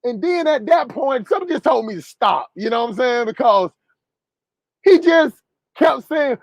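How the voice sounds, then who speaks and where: A man who drives trucks telling a profane story to his viewers in an animated way. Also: very high voice, moderate pace, no echo, muffled recording. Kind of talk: storytelling vlog.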